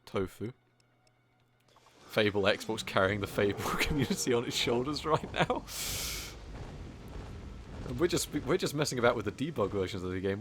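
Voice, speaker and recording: A man with a fairly low voice offers casual, joking commentary while speedrunning a game, mocking other players, swearing casually, and using many fillers. There's slight background noise.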